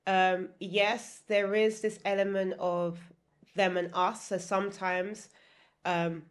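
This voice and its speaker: A woman's voice: medium pitch, flat delivery, slow. A woman guest on a podcast interview, a property consultant who explains in lists and keeps checking in with "right?". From United Kingdom.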